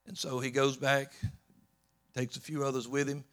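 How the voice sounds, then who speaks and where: A man preaching a sermon, swinging between loud emphatic peaks and low soft storytelling, often repeating words and restarting. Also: little pitch movement, moderate pace. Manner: rising to loud emphatic peaks, then dropping low and soft while retelling scripture.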